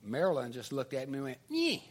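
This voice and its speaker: An older male preacher with a high, lively voice tells a folksy story from the pulpit. He talks in an animated way, swinging his pitch widely as he builds toward the lesson. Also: moderate pace, husky. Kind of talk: storytelling sermon.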